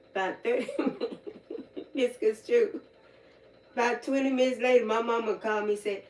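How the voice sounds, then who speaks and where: A woman, casually telling folksy stories on a livestream in a colloquial, animated way. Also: fairly high pitch, normal speed, long pauses. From North Carolina, US. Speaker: livestream host. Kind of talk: casual storytelling chat. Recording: roomy echo, distant mic, faint background noise.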